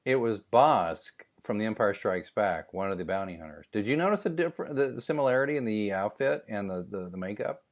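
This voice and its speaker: A middle-aged man co-hosting a podcast, riffing with jokey, animated asides. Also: lowish voice, fairly quick, hardly any pauses. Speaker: podcast co-host. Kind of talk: casual chat.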